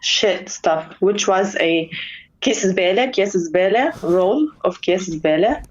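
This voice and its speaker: A woman's voice: mid-range voice, lively intonation, slow, over a noisy crowd. Giggly woman on a muffled call. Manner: giggly, hesitant, storytelling. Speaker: caller. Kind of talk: casual phone-in chat.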